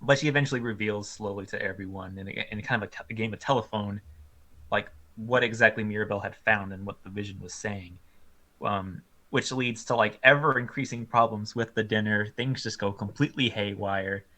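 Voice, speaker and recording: Bright-voiced man chatting with many ums. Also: on the low side, fairly quick. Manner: animated, lots of ums and likes, laughs often. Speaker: film review co-host. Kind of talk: casual film review chat.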